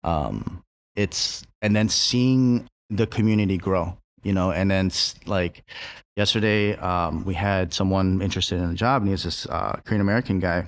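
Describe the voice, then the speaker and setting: A man's voice: low-pitched, normal speed. A man who is a chef and restaurant co-owner, chatting casually in an interview, rambling with many fillers and swearing now and then.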